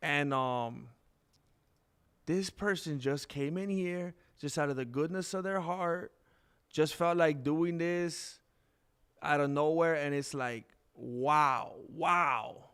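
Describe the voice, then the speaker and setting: A man hosting a live stream in casual chat, rambling candidly and jumping into high, excited bursts when he thanks viewers. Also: takes it slowly, clear, resonant tone.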